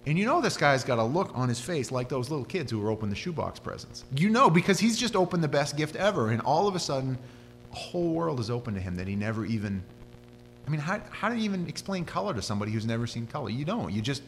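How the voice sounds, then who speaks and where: Animated male preacher in a reverberant hall. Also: medium pitch, quick pace. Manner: animated storytelling, voice rising and dropping. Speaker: pastor. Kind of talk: sermon. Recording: hall reverb with faint hum.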